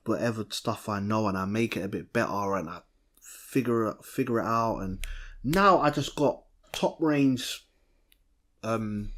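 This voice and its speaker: A young man, co-hosting a podcast in a lively, chatty way, often restarting mid-sentence. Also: on the low side. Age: young adult. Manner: animated, chatty, self-interrupting. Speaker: podcast co-host. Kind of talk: casual chat.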